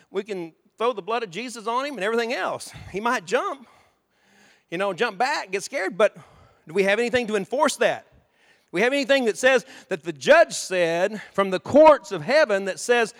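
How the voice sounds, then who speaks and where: A man preaching a sermon as a pastor, acting out arguments and rising to shouts. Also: high-pitched, lively intonation, brisk. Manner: acts out both sides of arguments, rising to shouting. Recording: long hall reverb.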